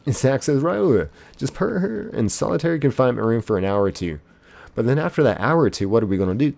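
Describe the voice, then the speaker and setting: A man streaming a game live, casually reading his chat's messages aloud in a playful, excitable way. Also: mid-range voice, gravelly. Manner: reads chat messages aloud in quick succession, playful and excitable; casual, uses "y'all". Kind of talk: live gaming stream chat.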